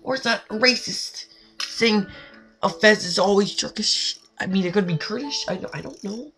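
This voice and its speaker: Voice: mid-range voice, normal speed, a bit bright. A gamer giving let's play commentary, talking in a frustrated, dramatic way and scolding the fish in the game. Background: faint game music.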